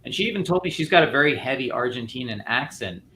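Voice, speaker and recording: A man talks through his ideas in long, loose sentences, circling back and restarting as he goes. His voice is bright and forceful. A faint noise sits behind the recording. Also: medium pitch, lively intonation, fast talker. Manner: rambling, many restarts and fillers. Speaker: filmmaker guest. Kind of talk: casual panel discussion.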